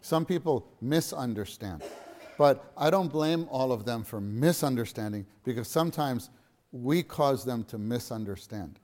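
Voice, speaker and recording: A man's voice: medium pitch, expressive, a little slow, darkish tone. Earnest middle-aged man teaching a church lesson. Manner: earnest, repeats phrases for emphasis. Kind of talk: church teaching talk to a gathering.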